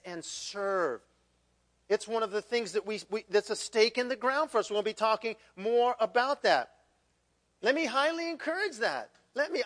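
A male pastor preaching a sermon in a conversational, animated way, with frequent restarts and repeated words. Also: sits high.

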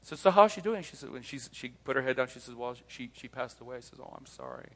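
A middle-aged former pastor who speaks on leaving cults gives a live talk to an audience in an animated, fast, fairly bright mid-range voice. He tells stories, acts out both sides of conversations, and poses rhetorical questions, all within long hall reverb.

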